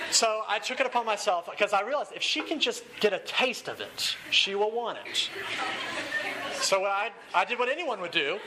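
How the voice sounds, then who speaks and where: A man's voice: sits high, noisy background. A young man preaching a sermon, earnest and at times playful as he tells a story. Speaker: pastor.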